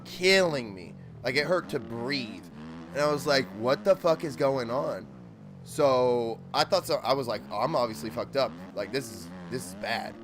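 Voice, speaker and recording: Dude streaming a dirt bike game, swears a lot, rambles, engine noise loud in the background. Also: male voice, mid-range voice, normal speed. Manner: loose and profane, rambling with frequent "like" and "dude". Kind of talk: casual live-stream chat while gaming.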